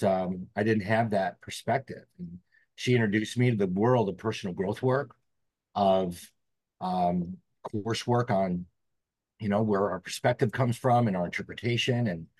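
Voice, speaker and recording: A man's voice: lowish voice, darkish tone, dry recording. A man, a podcast guest telling a personal story in an earnest, reflective way. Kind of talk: storytelling interview.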